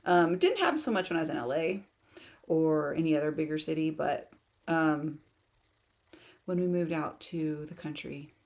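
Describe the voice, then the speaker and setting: A woman's voice: sits low, expressive, normal speed, pauses often, a little mellow. A woman hosting a casual livestream for writers from her home in the country, chatting and laughing often as she reads viewer comments aloud.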